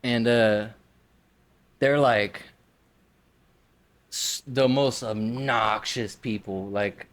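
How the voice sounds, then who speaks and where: A man's voice: medium pitch, steady tone, drawn-out words, long pauses. A man co-hosting a podcast, telling a long, rambling story in casual chat, full of fillers and swearing. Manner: rambling storyteller, heavy use of "like" and profanity. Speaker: podcast co-host.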